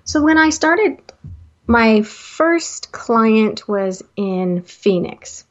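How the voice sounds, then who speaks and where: Animated middle-aged woman life coach. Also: very slow. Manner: animated, acts out dialogue with excited pitch jumps. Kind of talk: personal storytelling talk. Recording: slightly dull lo-fi audio.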